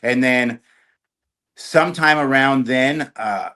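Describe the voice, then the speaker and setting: A middle-aged man, a storage auction YouTuber, talking on a podcast as a guest in an animated, talkative way. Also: medium pitch, takes it slowly. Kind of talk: casual podcast chat.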